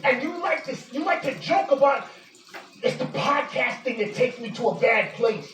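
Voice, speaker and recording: Woman, high-pitched, heated accusing rant, roomy echo, distant mic. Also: lively intonation, moderate pace, a little hiss or hum. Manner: heated, accusing, repeats insults, sometimes shouts. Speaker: vlogger addressing a public figure. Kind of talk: angry direct-to-camera rant. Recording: echoey room, distant mic.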